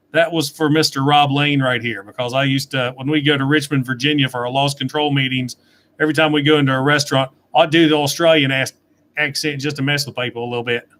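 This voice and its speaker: A man's voice: a little high, a bit bright, a little hiss or hum. A middle-aged man chatting casually on a livestream, reading out and answering viewer questions from his desk webcam. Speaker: toy reviewer answering live chat.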